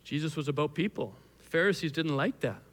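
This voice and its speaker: A male pastor preaching a sermon to a live congregation, telling the story in an animated, conversational way with frequent restarts. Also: fairly high pitch, brisk. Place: church hall with a live congregation. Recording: long hall reverb.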